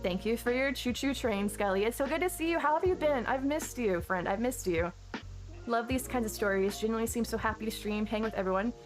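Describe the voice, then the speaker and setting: A woman's voice: fairly high pitch, brisk. Gushing woman streamer over music. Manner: gushing, effusive, rambling with many restarts. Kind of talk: casual live-stream chat thanking viewers. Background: background music.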